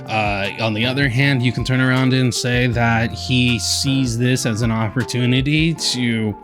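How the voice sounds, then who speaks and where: A man's voice: medium pitch, fairly even intonation, measured pace, hardly any pauses, music in the background. Laid-back man reading messages aloud. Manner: reads quotes aloud with sighs and chuckles, laid-back. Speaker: commentary channel host. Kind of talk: casual commentary reading out messages.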